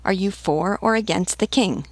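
A woman voicing a haughty old male French nobleman on the run, speaking with grave calm. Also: mid-range voice, moderate pace, dry recording, voice pushed up, lightly acted. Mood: questioning.

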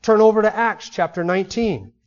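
A man with a high voice delivers an expository sermon, pressing his listeners with rhetorical question after rhetorical question. His emphatic preaching comes through a dull, muffled, lo-fi recording. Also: brisk. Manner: emphatic, asks the audience many rhetorical questions.

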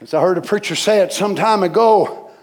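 A man preaching a sermon, dropping to low murmurs and rising to loud shouts. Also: fairly quick.

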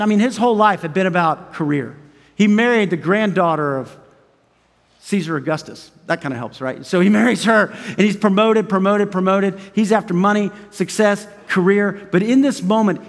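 High-voiced preacher man in a hall. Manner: emphatic, swinging from loud urgency to hushed intimacy; chuckles between phrases. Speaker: pastor. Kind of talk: sermon. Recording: long reverb of a large hall.

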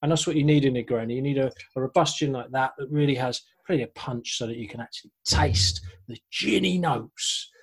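A man's voice: mid-range voice, brisk, hardly any pauses, slightly rough. Man, co-host, casual chat, jokey, explanatory, video call. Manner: chatty, jokey, explains drink history. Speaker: podcast co-host. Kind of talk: casual chat about cocktails.

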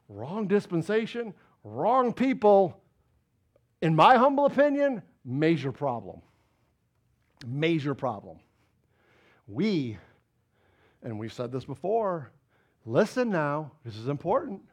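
A man preaches a sermon in a high-pitched voice. He keeps asking the congregation questions, pushing hard on key points and then dropping low and quiet. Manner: swings between loud emphatic bursts and low quiet asides. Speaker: pastor.

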